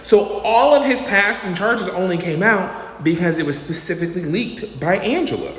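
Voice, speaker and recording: A man's voice: sits high, moderate pace. A man telling a dramatic storytime in casual commentary, acting out the people he quotes. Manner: animated, dramatic retelling that acts out quotes. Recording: echoey reverberant room with faint noise.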